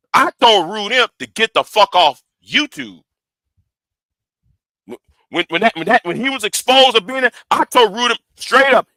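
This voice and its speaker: A man hosting a livestream delivers heated, emphatic commentary, swearing and repeating words when he gets worked up. His voice is high, bright, and forceful, with no echo.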